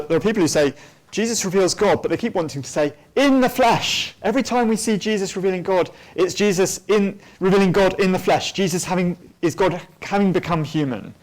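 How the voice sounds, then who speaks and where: Brief: man, church teacher, explaining theology off the cuff, slightly higher voice, halting with ums. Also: darkish tone. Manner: thoughtful, with many ums and restarts. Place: church hall at a weekend away.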